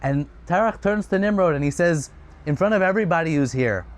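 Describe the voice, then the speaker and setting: Animated man telling a tale. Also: fairly high pitch, brisk. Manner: animated, swings from loud excited to hushed soft; chatty asides. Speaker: storyteller. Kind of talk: casual retelling of a religious tale.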